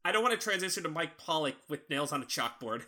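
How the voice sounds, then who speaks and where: A man's voice: a little high, lively intonation, fast talker, bright, forceful tone. A young man co-hosting a podcast, chatting casually with a critical, teasing edge. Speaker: podcast co-host. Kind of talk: casual chat.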